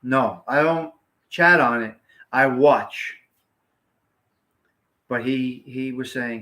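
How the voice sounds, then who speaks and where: This livestream host speaks slowly in a sharp, mid-range voice, pausing often as he chats to viewers. He's blunt and rambling, with a salty mouth that swears freely.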